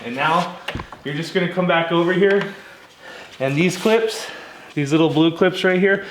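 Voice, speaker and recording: A man with a fairly high voice talks viewers through a repair in a relaxed, chatty way, calling them guys. He sounds like he is working in an echoey garage, and the camera mic picks up faint background noise. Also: measured pace. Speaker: DIY vehicle tutorial host. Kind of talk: casual hands-on how-to walkthrough. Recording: roomy echo with faint noise.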